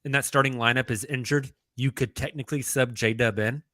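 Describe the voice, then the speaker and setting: Bright-voiced man in casual podcast chat. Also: medium pitch, steady tone, brisk, dry recording, studio quality. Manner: conversational, thinking out loud. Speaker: podcast co-host.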